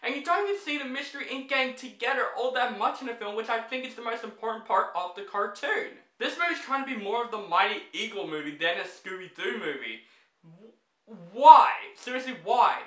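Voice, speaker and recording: A man's voice: high-pitched, pushed and bright, echoey room. A man ranting through a list of his least favorite movies, blunt and exasperated, swearing freely. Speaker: movie reviewer.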